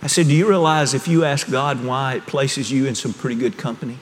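A man preaching a sermon, telling stories in a hushed voice that rises to fervent emphasis. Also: mid-range voice, fairly even intonation, a little fast, a little hiss or hum. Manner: storytelling, swings from hushed to rising fervor. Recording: long hall reverb.

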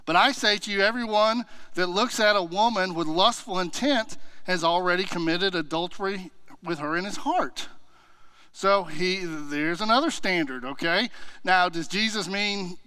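A man's voice: sits high, animated, moderate pace, bright, forceful tone, clean tone, no room sound. A man teaching a church Bible class in a conversational way, asking himself questions and retelling stories with animation.

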